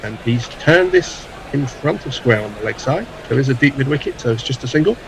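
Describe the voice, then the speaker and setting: A man's voice: mid-range voice, animated, fairly quick, noisy background. A man calling live cricket ball by ball, with dry, wry asides between deliveries.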